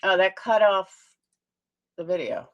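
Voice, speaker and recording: A middle-aged woman livestreamer chatting casually and gushing over things in an animated way. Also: medium pitch, unhurried, dull audio.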